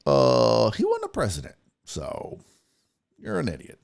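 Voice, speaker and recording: A man hosting a comedic talk show, ranting in a loud, mocking, profane way and slipping into exaggerated voices. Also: mid-range voice, huge pitch swings, measured pace, creaky. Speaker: podcast host.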